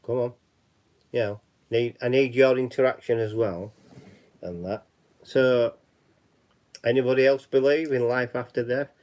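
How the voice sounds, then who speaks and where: A man's voice: medium pitch, steady tone, unhurried, pauses often, a little mellow. A man with a Yorkshire accent chatting casually as a livestream host, rambling and repeating himself. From West Yorkshire, England.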